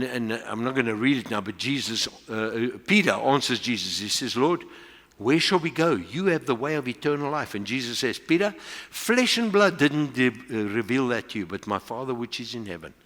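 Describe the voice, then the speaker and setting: A man's voice: medium pitch, expressive, normal speed, a bit bright. A man with a South African accent preaching a sermon as pastor, building to emphatic peaks and slipping into Afrikaans phrases. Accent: South African English. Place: church hall. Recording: long hall reverb.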